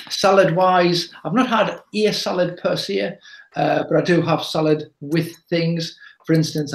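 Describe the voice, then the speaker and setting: A man's voice: fairly high pitch, reverberant, low-quality recording. A man, rambling and hesitant in casual chat as a podcast co-host. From England.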